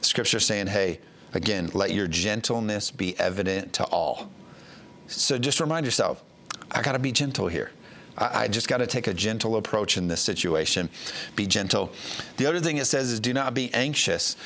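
A man's voice: lowish voice, moderate pace, fairly bright tone. A man from the United States, a pastor giving a conversational sermon, plain-spoken with frequent fillers and restarts.

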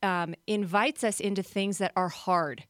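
A woman's voice: mid-range voice, steady tone, measured pace, a bit bright, no echo, clean studio sound. A woman co-hosting a faith podcast who shares thoughtful, conversational stories.

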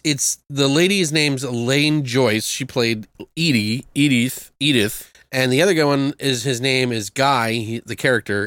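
Male host, bright crisp voice, dry close sound, animated storyteller who swears freely. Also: mid-range voice, dry recording. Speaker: podcast host reviewing a film. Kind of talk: casual chat.

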